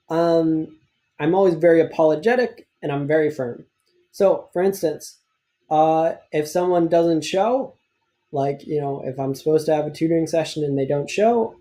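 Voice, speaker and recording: A man's voice: fairly high pitch, warm tone. A young man giving a casual, candid lesson on running a tutoring business, with chatty asides. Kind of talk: casual recorded lecture over slides.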